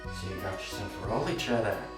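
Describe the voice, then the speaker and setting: A man's voice: lowish voice, expressive, fairly quick, loud music behind the voice, natural voice. Man playing a rambling mock-French deposed king. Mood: boastful. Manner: rambling, self-important, bragging. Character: boastful deposed male "king of 2021". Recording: roomy, distant, noisy amateur recording.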